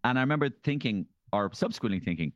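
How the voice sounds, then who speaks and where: An Irish man as a comedian guest, telling animated stories in a casual chat and slipping into impressions. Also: medium pitch, quick pace, no room sound, highs cut off. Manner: animated storyteller, slips into impressions.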